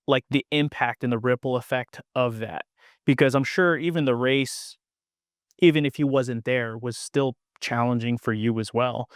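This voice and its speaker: A man's voice: mid-range voice, clean tone, no room sound, clean studio sound. A man hosting a podcast interview, asking questions and reacting attentively. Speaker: podcast host.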